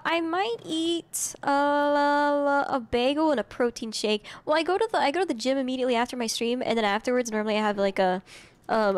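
High-voiced giggly woman streamer. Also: no echo. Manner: giggly, scattered, reads game text aloud and chats with viewers. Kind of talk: casual game commentary.

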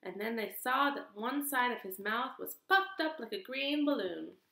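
A woman teacher reading a picture book aloud to children in an expressive, sing-song way. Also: fairly high pitch, moderate pace, creaky. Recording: echoey room.

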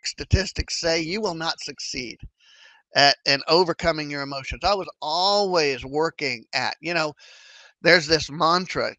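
A trading educator with a slightly high voice explains trading casually at normal speed, animatedly acting out his own worried and hopeful thoughts. The audio is poor, though there's no room sound.

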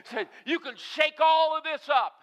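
A man's voice: very high voice, measured pace, fairly bright tone. A man preaching a sermon, emphatic and earnest, with frequent "uh" fillers between phrases.

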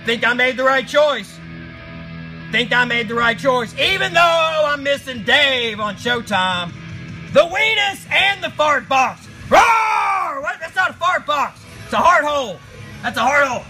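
A man hosting a live stream, reading chat and ranting loudly with crude jokes and roars. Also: extremely high pitch, lively intonation, moderate pace, low-quality recording. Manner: loud shouting, crude and jokey, often roaring. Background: faint music playing.

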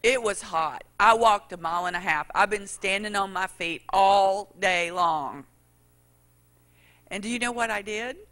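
Bright-voiced woman preacher telling a story. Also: medium pitch, unhurried. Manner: animated storytelling, addresses congregation. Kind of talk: sermon with personal story.

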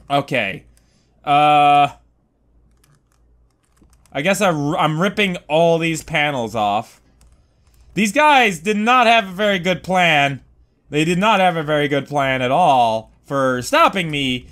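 Male let's-play host with a high voice and an unhurried pace, jumping between low mutters and sudden yelled outbursts. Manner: excitable, swings from mumbling to shouting, swears. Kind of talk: gaming commentary.

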